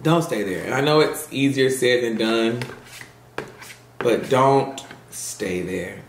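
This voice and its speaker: A man's voice: medium pitch, slow, reverberant, slight background noise. A man vlogging to camera in a casual, earnest and encouraging way, repeating phrases for emphasis. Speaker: mukbang vlogger. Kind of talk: heartfelt casual monologue.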